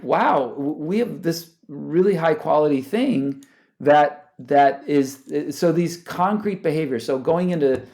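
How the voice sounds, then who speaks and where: In a conversational podcast interview, a male startup founder speaks as guest in a fairly high, creaky, mellow voice. He's animated, frequently restarts his sentences, and laughs a lot.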